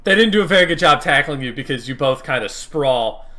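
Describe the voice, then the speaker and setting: A man running a tabletop role-play session, describing scenes loosely with many fillers. His voice is bright and mid-pitched, casual and unhurried. He narrates at length to the table. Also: lively intonation. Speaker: game master.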